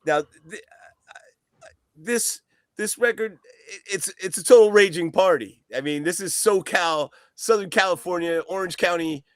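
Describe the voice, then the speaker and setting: A man's voice: high voice, moderate pace, no echo, clean studio sound. A man guest on a podcast chatting casually about a record, rambling, swearing and laughing often. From East Coast of the US. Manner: rambling, profane, laughs a lot.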